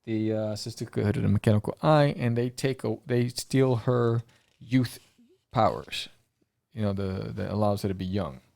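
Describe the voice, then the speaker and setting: A man hosting a podcast, rambling excitedly through a comic book review with lots of fillers. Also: lowish voice, normal speed, gravelly, dry recording.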